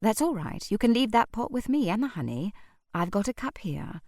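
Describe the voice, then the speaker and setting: A woman voicing a gentle older woman, a yoga teacher who talks kindly and softly. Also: medium pitch, very animated, moderate pace, dry recording, clean studio sound, voice pushed up.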